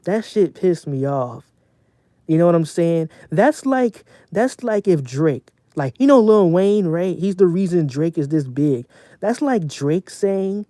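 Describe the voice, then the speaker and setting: A young man streaming casually from home, venting in a profane, animated rant. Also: sits high, unhurried, dry recording.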